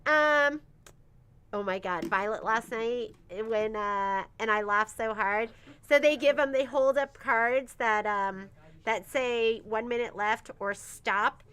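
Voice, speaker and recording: A woman's voice: a little high, slow pace, fairly bright tone, smooth. A woman who owns a sewing shop, chatting casually on a livestream, reading out viewer comments and laughing often. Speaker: shop owner hosting a livestream.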